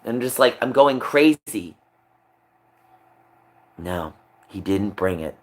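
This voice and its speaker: A man's voice: lowish voice, expressive, slow pace. Agitated man ranting on stream. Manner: agitated, swings from muttering to raised voice. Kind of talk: emotional live stream rant.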